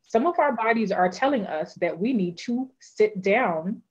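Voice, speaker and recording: A woman's voice: medium pitch, animated, measured pace, husky. A woman life coach giving encouraging advice in a live interview, repeating phrases for emphasis. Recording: dull lo-fi sound.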